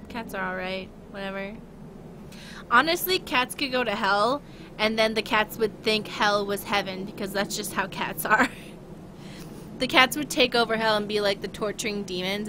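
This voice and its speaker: A woman's voice: mid-range voice, noisy background. A young woman streaming a game, chatting casually and rambling with giggles, talking to her chat and her dog.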